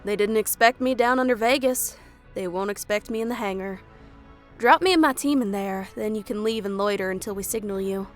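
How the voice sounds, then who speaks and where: A woman's voice: mid-range voice, brisk, soft background music, natural voice. Lady doing a tough young agent woman, dry wit, kinda tense, audiobook read. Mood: determined. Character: determined young female special agent, dry-witted.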